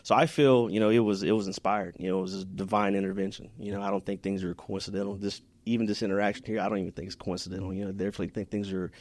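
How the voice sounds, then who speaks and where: A man's voice: low-pitched, little pitch movement, rapid-fire, few pauses, darkish tone, no room sound. A man from Houston, Texas, talking as a podcast guest in an earnest, heartfelt way, often restarting his sentences. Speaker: podcast guest, business owner. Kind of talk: casual interview chat.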